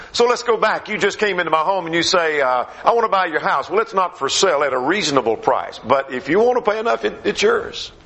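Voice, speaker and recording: A man preaching a gospel meeting sermon in a conversational way, his questions rising and his phrases dropping low at the end. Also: pushed and bright.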